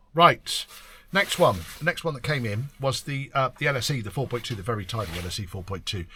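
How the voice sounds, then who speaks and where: Speaking at a moderate pace, the older workshop owner reviews his year of classic car work for his channel in a rambling, chatty way, with frequent ums and light swearing. His medium-pitched voice is expressive, pushed and bright, and there's a little hiss or hum in the recording.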